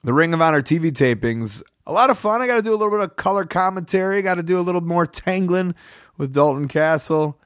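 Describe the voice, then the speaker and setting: Guy with a cold hosting his podcast from home, kinda high voice, dry close sound, rambly and chatty. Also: animated, fast talker, no echo. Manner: chatty, rambling, upbeat plugs. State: sick with a cold. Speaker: podcast host. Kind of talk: casual podcast monologue. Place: studio apartment.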